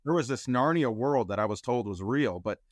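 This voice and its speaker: A man telling a personal story as a podcast guest, acting out the quoted dialogue with lively shifts in voice. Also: mid-range voice, brisk, dry recording, clean studio sound. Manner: animated storyteller who acts out quoted dialogue.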